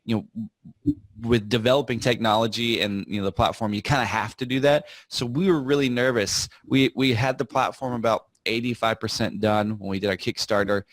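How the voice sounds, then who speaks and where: A man speaking as a podcast guest, telling a story in a relaxed, rambling way with frequent fillers and restarts. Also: mid-range voice, normal speed, dry recording. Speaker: podcast guest, software founder. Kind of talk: casual interview storytelling.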